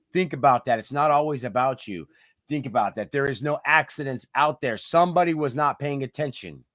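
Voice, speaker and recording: A man's voice: a little high, fairly bright tone, no room sound, studio quality. A man co-hosting a casual motivational talk show, talking in a hyped, preachy, slangy way. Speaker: podcast co-host.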